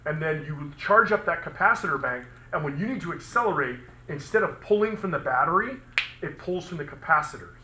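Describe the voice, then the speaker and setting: Speaking a little fast in a fairly high, expressive voice, a man gives a casual, chatty physics lecture, quizzing students and making sound effects as he goes. The recording comes from an echoey classroom with a noisy background.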